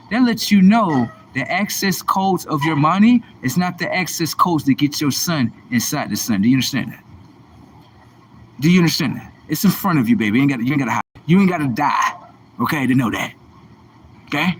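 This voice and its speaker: Man, livestream host, slightly higher voice, combative and mocking, preachy profane rant. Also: a bit bright, slight background noise.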